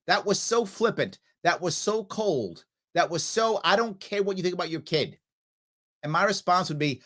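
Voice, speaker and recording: Indignant, animated male political host. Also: high voice, fairly quick. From New York. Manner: indignant, sarcastic, mocking. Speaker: livestream political show host. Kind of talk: live political commentary, reacting to clips and chat.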